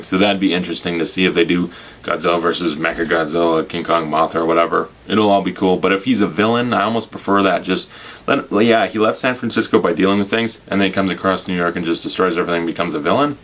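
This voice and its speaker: A man's voice: sits low, fairly bright tone. A man giving a casual, rambling spoiler review of a movie, enthusiastic and gushing, with frequent restarts. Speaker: film reviewer.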